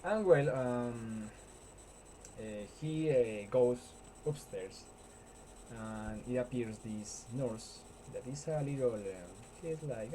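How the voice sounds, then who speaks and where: Guy retelling a movie, lots of uh and um, dark mellow voice, faint hiss. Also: medium pitch, poor audio. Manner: halting, full of fillers and restarts. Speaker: storyteller.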